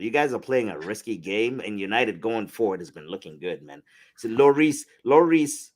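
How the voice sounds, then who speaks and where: A man with a mid-range voice, trading loud, teasing banter on a betting podcast. He hammers his points home by saying them again and again. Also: mid-range voice. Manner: boisterous, teasing, repeats phrases for emphasis. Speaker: sports betting co-host.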